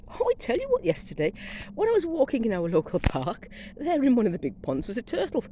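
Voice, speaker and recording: A middle-aged woman strolls through her back garden with her phone, chatting and rambling about her plants. Her voice swoops lively between high and low and sounds soft and mellow. She is coming down with a cold, and faint outdoor noise sits behind her. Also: a little fast, poor audio. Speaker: gardening vlogger. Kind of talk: casual garden walk-through. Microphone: phone camera carried while walking.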